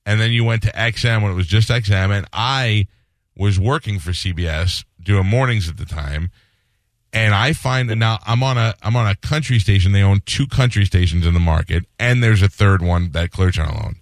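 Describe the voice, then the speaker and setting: Middle-aged male radio host, low voice, dry close sound, animated storyteller who mimics people. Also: moderate pace, no echo. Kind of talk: casual storytelling interview.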